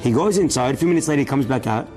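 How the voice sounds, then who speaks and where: Here a man with a mid-range voice races through an inspirational religious story delivered as a sermon, soft music underneath. His telling is animated, and he voices the characters' dialogue himself.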